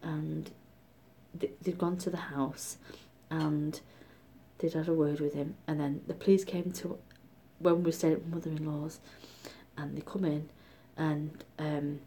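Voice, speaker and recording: A middle-aged woman from Britain telling a story in a casual vlog, chatty and animated, often dropping to a whisper. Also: low voice, unhurried, gravelly, slight background noise. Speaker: vlogger.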